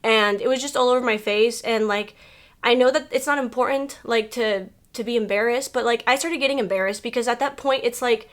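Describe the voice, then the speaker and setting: A woman's voice: fairly high pitch, fairly quick. Chatty woman in her 30s from Mexico. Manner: chatty and candid, many "like" fillers; emotional, fighting back tears. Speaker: beauty vlogger. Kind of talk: casual personal vlog.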